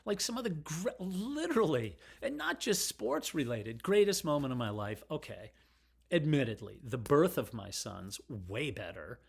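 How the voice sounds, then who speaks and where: A man's voice: medium pitch, very animated, normal speed, creaky, slightly rough. A middle-aged man talking casually and at length to the camera, rambling, digressive and openly emotional. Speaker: vlogger.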